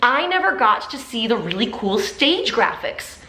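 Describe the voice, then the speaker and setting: Bright, chatty young woman vlogger. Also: a little high, normal speed, roomy sound. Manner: animated, filler-heavy storytelling. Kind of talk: chatty sit-down storytime. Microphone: camera mic in sit-down video.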